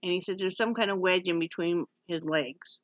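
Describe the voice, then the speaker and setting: A woman's voice: on the low side, normal speed, no room sound, lo-fi sound. A woman from Wyoming giving a rambling, emotional personal update at home, with many restarts. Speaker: vlogger.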